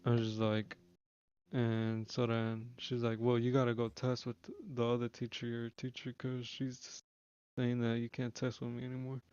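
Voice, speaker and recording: A man's voice: medium pitch, monotone, moderate pace, darkish tone, clear, resonant tone, dry recording, highs cut off. A young man streaming live, telling a long story in casual slangy speech with lots of swearing and restarts. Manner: rambling, slangy, swears freely, restarts often.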